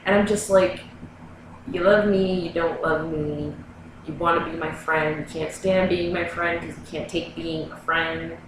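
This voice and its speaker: A woman's voice: deep voice, fairly even intonation, unhurried, noisy background. Young woman rambling in an echoey room. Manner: rambling, filler-heavy, lots of "like". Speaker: vlogger. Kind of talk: casual storytelling to camera. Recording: very echoey room, mic far away.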